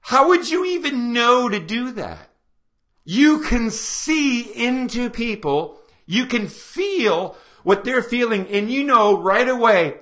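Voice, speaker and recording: A man presenting a seminar to a live audience, energetic and full of rhetorical questions aimed at the room. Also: very high-pitched, slow. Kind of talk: live lecture to a small audience.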